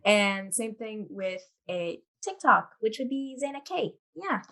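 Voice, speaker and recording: A woman's voice: fairly high pitch, big pitch swings, a little slow, a bit bright. A woman guesting on a theatre podcast, talking in a cheerful, upbeat way. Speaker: guest, actor. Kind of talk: casual interview chat.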